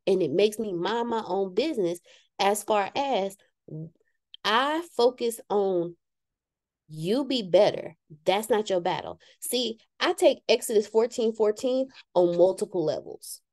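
A woman speaks to a gathered group in a candid, self-mocking motivational talk. Her voice is mellow and warm, with a close, dry sound. She sometimes slips into the voices of the people she quotes. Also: mid-range voice, dry recording. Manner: frank and self-deprecating, acts out quoted voices. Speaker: speaker addressing a live group.

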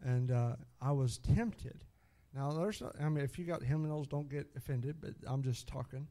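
A middle-aged preacher with a mid-range voice speaks at normal speed, telling stories as part of his sermon. He stays animated, calls out hallelujah often, and laughs along with his own stories.

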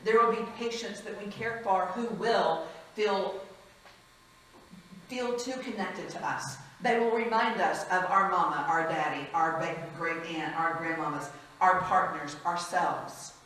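A woman, a former hospice chaplain, telling stories in a lively, frank conference talk and acting out the voices of the people she quotes. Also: on the low side, a little slow, slight background noise. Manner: lively, frank, laughs often, acts out quotes. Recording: echoey hall, mic at a distance.

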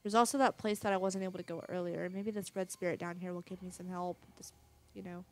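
A woman's voice: fairly low pitch, fairly even intonation, quick pace. A woman casually commenting on a horror game she is playing, reading its text aloud and swearing now and then. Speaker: let's play gamer.

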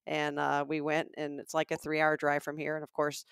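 Low gravelly Southern woman telling a story. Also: a little fast, dry recording, clean studio sound. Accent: Southern American. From Alabama. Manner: animated storyteller acting out quotes. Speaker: podcast co-host. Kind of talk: casual storytelling chat.

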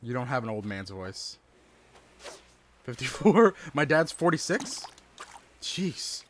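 A man in his thirties chatting casually on a live stream as he plays, reading and answering his chat aloud with quick exclamations at the game. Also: mid-range voice, big pitch swings. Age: 30s.

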